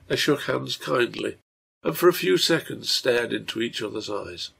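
A man reading aloud his translation of a serial novel in measured storytelling narration, with a gravelly voice. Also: medium pitch, lively intonation, fairly bright tone. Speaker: reader and translator.

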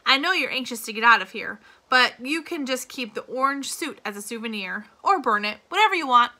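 A woman reading aloud and voicing a brisk, official male attorney general. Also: fairly high pitch, animated, sharp tone. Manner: formal, official.

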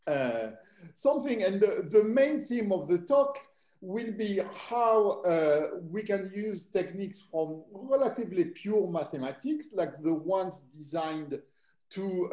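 An older man from southern France with a French accent, a mathematics professor lecturing to students in a relaxed, hesitant way full of fillers. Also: high voice. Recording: echoey room.

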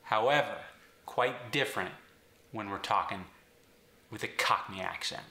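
Bright-voiced coach. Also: male voice, lowish voice, measured pace, echoey room. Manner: clear step-by-step instruction. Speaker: accent coach. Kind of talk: instructional explanation.

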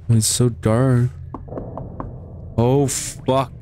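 A man's voice: medium pitch, flat delivery, very slow, mellow, slight background noise. A man commentating a horror game as he plays, swearing often and shrieking when he gets startled. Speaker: let's play gamer.

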